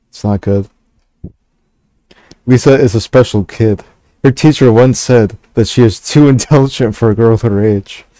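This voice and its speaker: A man reading a text game aloud and stopping for hesitant, halting asides with fillers and restarts. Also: fairly low pitch, warm tone, no echo. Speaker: gaming channel host.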